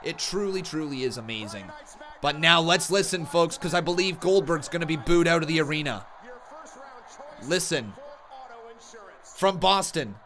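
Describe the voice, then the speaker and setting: Brief: fired-up male stream host, slightly high voice, rants and riffs to chat. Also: normal speed, pauses often. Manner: excitable, ranting, talks straight to chat. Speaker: wrestling live stream host. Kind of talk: live reaction stream commentary.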